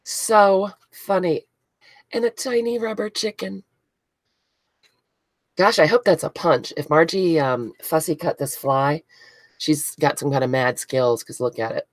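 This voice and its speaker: A woman hosts a casual craft live stream, giggling and gushing as she greets viewers by name. Her voice sits low for a woman, and the sound is dry and close. She chats warmly with her viewers throughout. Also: unhurried, no echo. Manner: giggly, gushing, reads out chat names.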